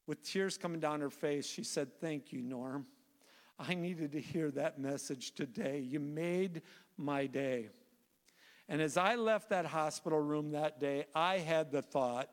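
A man preaching a sermon, telling a story in an animated way with frequent restarts and fillers. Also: high-pitched, clean tone. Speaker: guest preacher. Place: church sanctuary. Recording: reverberant church sanctuary.

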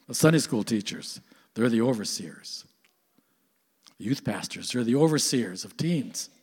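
A man's voice: mid-range voice, lively intonation, unhurried, a little mellow, slightly rough. Older male pastor preaching in a hall. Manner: earnest, conversational preaching with rhetorical questions. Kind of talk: sermon.

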